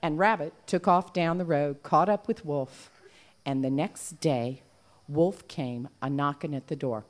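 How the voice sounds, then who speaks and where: A woman telling a folk tale aloud to a live audience in an animated, folksy way. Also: low voice, unhurried. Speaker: storyteller. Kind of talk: live oral storytelling.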